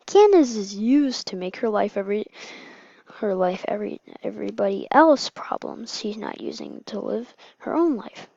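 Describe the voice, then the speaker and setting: A woman reading aloud and explaining game lore, halting and often dropping into a whisper. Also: medium pitch, sing-song, vocal fry, a little mellow, no room sound, highs cut off. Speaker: video narrator.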